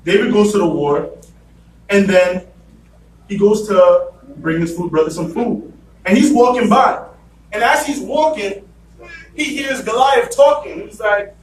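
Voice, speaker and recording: A man with a fairly high voice delivers a sermon, retelling the story and slipping into the voices of its characters. He is picked up from a distance in a reverberant church hall, with a faint hum of room noise underneath. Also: unhurried. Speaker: preacher. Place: church sanctuary. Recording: echoey church room from afar.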